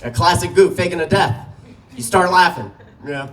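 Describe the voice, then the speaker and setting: High-voiced male comic, distant mic. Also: lively intonation, moderate pace. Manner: loose storytelling, profane, laughing at own jokes. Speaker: stand-up comic. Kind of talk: stand-up comedy set. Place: small comedy venue.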